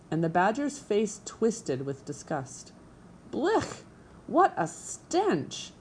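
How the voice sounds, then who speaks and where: A woman narrating a children's storybook in an expressive, measured way. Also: on the low side, a little hiss or hum. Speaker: audiobook narrator.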